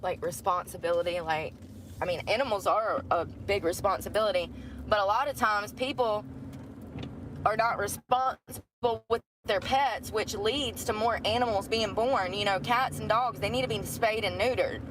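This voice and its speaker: A woman's voice: mid-range voice, moderate pace, a bit bright. A woman chatting in a rambling, gossipy vlog outdoors near a store. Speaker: vlogger. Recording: outdoor traffic noise.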